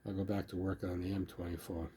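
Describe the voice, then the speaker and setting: A man's voice: deep voice, level tone, fast talker, warm tone, husky. An older man casually talking about his model building, rambling and filling his speech with "you know.". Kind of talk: casual hobby video talk.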